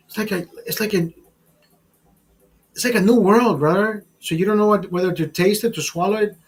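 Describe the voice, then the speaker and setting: This man's voice is high and a little fast, captured in low quality as he hosts a casual livestream chat. He rambles through crude, profanity-heavy stories, addressing viewers as brother and bro.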